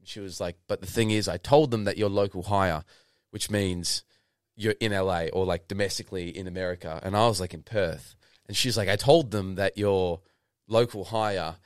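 Low-voiced young Australian man. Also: normal speed, clear, resonant tone, dry recording, clean studio sound. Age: 20s. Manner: rambling, lots of fillers and restarts, swears casually. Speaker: podcast guest, actor. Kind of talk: casual interview storytelling.

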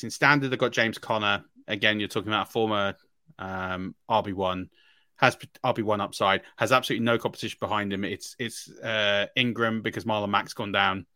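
An excitable man breaking down draft picks on a podcast. His voice is bright and forward, and the sound is dry and close. He talks emphatically and leaps up in pitch when he gets worked up. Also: dry recording. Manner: emphatic, excitable, frequent restarts and laughs. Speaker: fantasy football podcast co-host. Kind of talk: casual sports analysis chat.

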